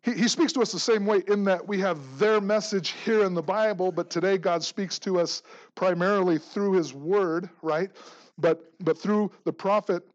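Pastor, male, high-pitched, animated sermon delivery with loud emphasis and quiet asides, lo-fi sound. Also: moderate pace. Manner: jokes and laughs with the congregation.

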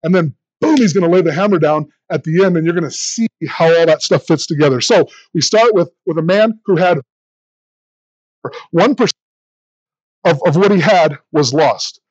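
Male pastor, high voice, animated sermon delivery, repeats his words, dry lo-fi sound. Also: moderate pace, no room sound.

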